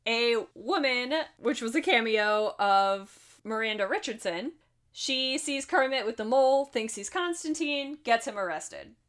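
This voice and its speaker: A woman's voice: fairly high pitch, animated, a little slow, a bit bright. A woman co-hosting a podcast, breezily recapping a film plot with frequent laughs and swearing. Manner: breezy, profane, laughs often. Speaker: podcast co-host. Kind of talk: casual movie recap chat.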